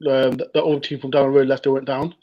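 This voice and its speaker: A man's voice: medium pitch, flat delivery, very fast. A man guesting on a football chat, talking casually and rambling with lots of hesitations. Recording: dull lo-fi call audio.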